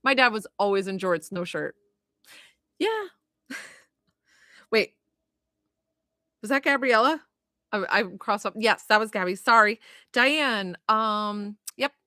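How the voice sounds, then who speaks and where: A woman's voice: on the high side, expressive, slow pace, long pauses, no echo. Chatty woman medium, dry sound. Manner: chatty, filler-heavy, many "like" and "you know"; gentle and consoling while relaying messages. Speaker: psychic medium. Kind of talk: live spirit reading for viewers.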